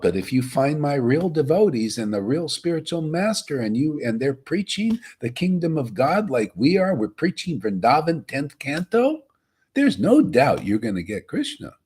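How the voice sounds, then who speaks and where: A man's voice: medium pitch, a little mellow, breathy edge. A man giving a rambling, casual devotional talk as a spiritual teacher.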